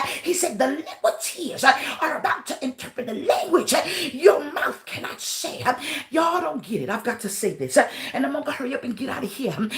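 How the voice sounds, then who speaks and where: A woman pastor preaching fervently, breaking into shouts, tagging nearly every phrase with a questioning "huh?", with humorous asides. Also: high voice. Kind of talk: sermon.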